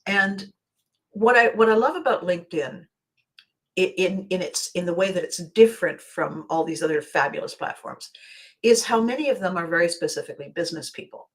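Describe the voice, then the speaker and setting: A woman's voice: lowish voice, fairly quick, poor audio. A middle-aged woman hosting a casual livestream chat, talky and laughing often, restarting her sentences. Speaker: host.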